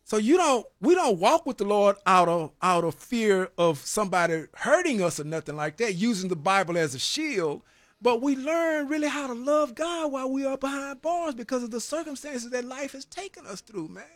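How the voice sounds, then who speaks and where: A man with a very high, animated voice speaks at normal speed in a dry recording, earnestly testifying to his faith and his prison experience. He keeps tossing in "man" and repeats words when stirred, in the rolling cadence of a preacher.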